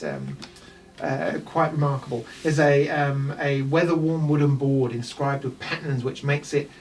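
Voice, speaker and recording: Halting man game master. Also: mid-range voice, darkish tone, distant mic, poor audio. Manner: halting, lots of ums and restarts. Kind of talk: narrating a tabletop game.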